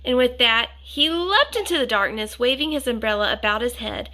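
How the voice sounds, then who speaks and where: A woman reading a picture book aloud to children, gently asking them questions with soft whispered asides. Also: fairly high pitch, expressive, moderate pace, hardly any pauses.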